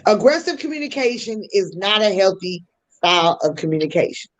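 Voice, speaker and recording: A woman's voice: medium pitch, big pitch swings, fairly quick, rough recording. Give me a woman podcast host explaining communication styles like a lesson, with casual slang mixed in. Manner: teaching tone with casual slang asides.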